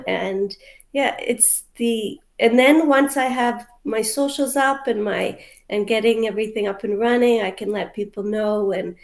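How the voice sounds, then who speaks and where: A woman's voice: medium pitch, gravelly, darkish tone. A woman from Canada, a mental health coach, answering interview questions in a hesitant, heartfelt way full of fillers over a video call.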